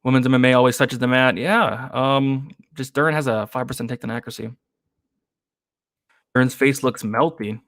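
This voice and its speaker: A man hosting an MMA betting stream in a relaxed, chatty way, giving picks and answering viewer comments. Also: mid-range voice, moderate pace, dry recording, studio quality. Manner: relaxed, chatty, with frequent fillers and laughs. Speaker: host of an MMA betting show. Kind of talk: casual live-stream chat reading viewer comments.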